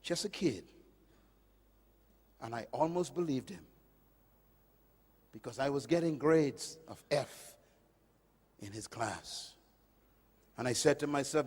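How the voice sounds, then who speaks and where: A man preaching a sermon, emphatic and swinging between loud declarations and hushed storytelling. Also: fairly high pitch, animated, unhurried, pauses often, big-room sound. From Caribbean.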